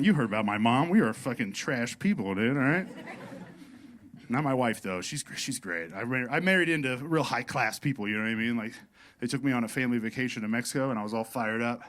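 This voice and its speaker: A man's voice: mid-range voice, fairly bright tone, slight background noise. A male stand-up comedian telling a profane, rambling set in a comedy club, leaning on "you know what I mean" over audience laughter.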